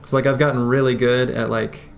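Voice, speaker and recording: A man's voice: mid-range voice, level tone, brisk, gravelly, a little hiss or hum. A man streaming a strategy game, chatting casually and greeting viewers as he plays. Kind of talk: casual live-stream chat. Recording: faint music behind.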